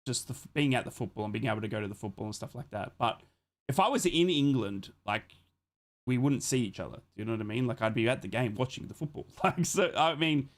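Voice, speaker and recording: A chatty, excitable Australian man hosts a live football watch-along. His voice sits at an ordinary middle pitch for a man. He banters casually with viewers, swears without fuss and slips into play-by-play calls. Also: fast. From Australia, born in Adelaide. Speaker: live stream host.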